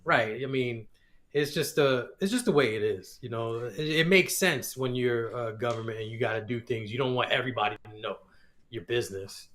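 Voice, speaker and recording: A man talks in an easygoing podcast conversation, his voice bright and a little forceful. He drifts into soft chuckles and lets thoughts trail off, never rushing. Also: medium pitch, slight background noise. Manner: laid-back, chuckles often, trails off. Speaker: podcast co-host. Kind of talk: casual podcast chat.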